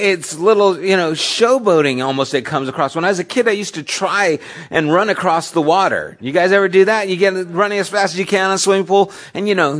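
A pastor preaching a sermon in a conversational way, asking his listeners questions and swinging between loud emphasis and soft, low asides. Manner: conversational, asks the audience questions.

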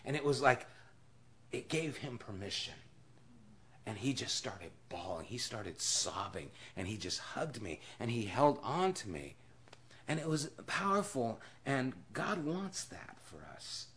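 A man teaching a Bible study as a pastor in a conversational sermon, telling stories and shifting from hushed and low to loud and emphatic. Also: very animated, a little slow.

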